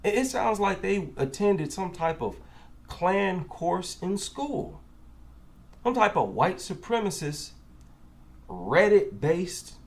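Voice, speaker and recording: Man, African American accent, reaction commentary, incredulous, rhetorical, unhurried. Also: high-pitched, big pitch swings, vocal fry.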